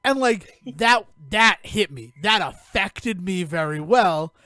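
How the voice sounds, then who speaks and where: A man co-hosting a podcast, retelling a film in a rambling, animated way and acting out the characters' lines. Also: high voice, slow, no room sound, clean studio sound. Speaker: podcast co-host. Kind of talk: casual movie review chat.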